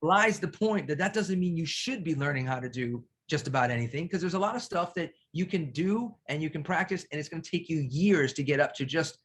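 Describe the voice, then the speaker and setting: A man hosts a podcast interview in a relaxed, conversational way and backs up his guest as he talks. His voice sits a little high, and he steers the talk with open questions. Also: a little fast, few pauses, slightly rough. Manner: conversational, affirming, leads with questions. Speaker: podcast host.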